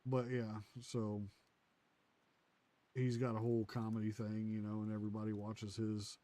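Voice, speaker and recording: A man's voice: fairly low pitch, monotone, moderate pace, dark tone. A man streaming a game from his home computer on a headset, rambling casually and swearing freely. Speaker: gaming streamer. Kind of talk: casual chat while playing a game.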